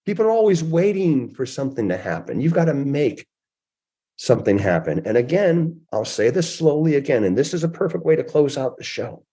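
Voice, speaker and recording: A man's voice: a little high, sing-song, a little fast, mellow, breathy edge. A man in his sixties, a guest author, telling stories in an interview with emphatic delivery. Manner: emphatic, acts out quoted voices. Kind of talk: animated storytelling interview.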